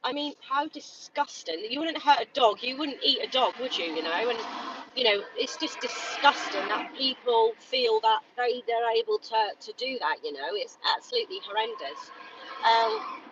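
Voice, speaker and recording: A woman protesting outside a shop, talking angrily and haltingly with many fillers and repeated words. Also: on the high side, animated. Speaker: animal rights protester. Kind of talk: live-streamed street protest vlog. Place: outdoors outside a shop on a street. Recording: dull phone audio, distant, loud street noise.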